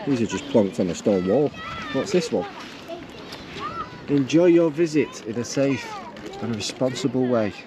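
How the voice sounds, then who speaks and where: Beside the beach, a medium-pitched, expressive man talks at a measured pace with long pauses as co-host of a travel vlog. He keeps things light and joking, mutters as he reads outdoor signs, and noise fills the recording.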